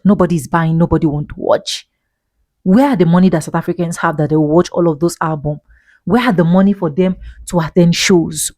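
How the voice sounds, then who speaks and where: Indignant woman with a dark low voice. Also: no room sound. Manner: indignant, emphatic, rhetorical questions. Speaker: vlogger commentator. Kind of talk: opinionated commentary monologue.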